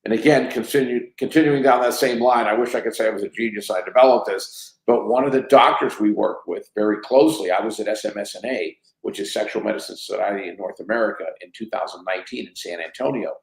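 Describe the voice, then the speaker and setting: Animated man in his sixties, roomy sound. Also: lowish voice, fast talker, vocal fry, few pauses. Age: 60s. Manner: animated storyteller who acts out quoted dialogue. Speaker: company CEO guest. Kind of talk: anecdotal storytelling in a podcast interview. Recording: roomy echo.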